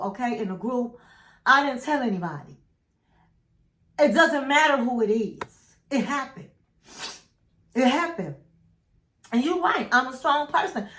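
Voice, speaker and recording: A woman in middle age chats through a reality show recap, acting out what people said and punching her points with "okay?" and "honey." Her voice sits a bit high, and the room around her rings with echo. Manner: animated storytelling, acting out quotes with sassy asides; emphatic "okay?" and "honey" asides. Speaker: recap channel host. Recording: echoey room.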